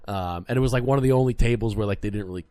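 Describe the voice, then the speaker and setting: Guy in his 30s hosting a podcast, tells stories all animated, doing everyone's voices, dry studio sound. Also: on the low side, racing, smooth, dry recording. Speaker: podcast co-host. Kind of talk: casual storytelling chat.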